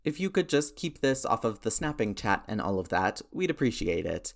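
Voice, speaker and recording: A man's voice: lowish voice, very animated, moderate pace, gravelly. A man doing an earnest old-fashioned soldier.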